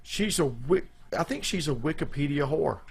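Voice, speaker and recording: A man's voice: a little high, lively intonation, normal speed, vocal fry, husky. A man co-hosting a live show, chatting casually in a rambling, jokey way with loose restarts. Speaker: podcast co-host.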